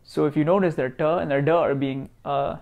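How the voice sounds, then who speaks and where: A man from India teaching Sanskrit sounds, repeating each sound slowly and patiently. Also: on the high side, fairly even intonation, dull audio. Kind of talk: slow teaching, pronouncing sounds aloud.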